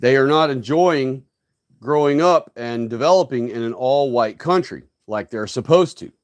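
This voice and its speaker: Speaking at a moderate pace in a mid-range voice, this solo livestream host rants in a preachy, emphatic lecturing style, constantly tossing in "okay?" and "right?" The sound is clean, studio-grade, with no room noise.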